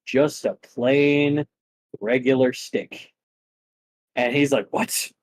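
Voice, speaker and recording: A man acting as game master for a tabletop game narrates a fight in an unhurried, drawn-out way with animated storytelling. His voice is middle-pitched, and the recording is dry and of poor quality.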